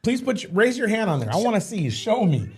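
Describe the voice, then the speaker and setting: Young male co-host, pitch a bit high, teasing, jokey, laid-back slang. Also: very animated, fast, slightly rough. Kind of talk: casual chat on a live show.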